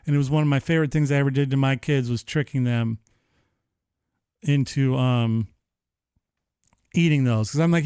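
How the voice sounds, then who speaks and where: A man in his thirties hosting a live-streamed show, chatting casually in an animated, profane, rambling way. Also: medium pitch, moderate pace, long pauses, smooth, dry recording, studio quality. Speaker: livestream show host.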